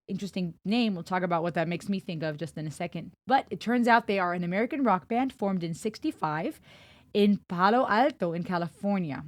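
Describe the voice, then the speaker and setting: A woman's voice: medium pitch, no room sound. Casting note: young adult woman, reaction-channel host, talky and curious, mid-range voice, dry close recording. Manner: chatty, thinks aloud with musing asides. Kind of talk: casual reaction chat.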